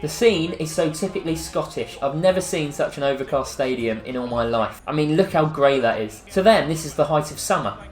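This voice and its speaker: A man's voice: fairly high pitch, a little fast, hardly any pauses, echoey room, faint music behind. Chatty English man commentating a game. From England. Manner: chatty, self-mocking, excitable. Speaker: gaming YouTuber. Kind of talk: casual gameplay commentary.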